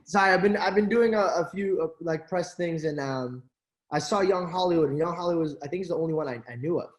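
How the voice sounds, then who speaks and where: A man's voice: fairly high pitch, quick pace, roomy sound. A young man as interview guest, telling stories animatedly with many fillers and acted-out quotes. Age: young adult. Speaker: interview guest, actor and social media creator. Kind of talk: casual interview storytelling.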